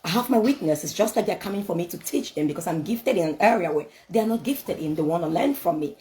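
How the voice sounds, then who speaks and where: Low-voiced woman giving an emphatic motivational talk. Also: expressive, fast, mellow, poor audio. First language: not English. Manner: emphatic, repetitive, rhetorical questions. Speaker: motivational speaker.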